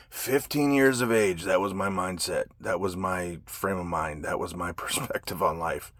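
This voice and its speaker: A man's voice: deep voice, animated, normal speed, few pauses, fairly bright tone, no room sound. A man telling his life story in a raw, blunt monologue, swearing constantly. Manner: heavy profanity, blunt and agitated.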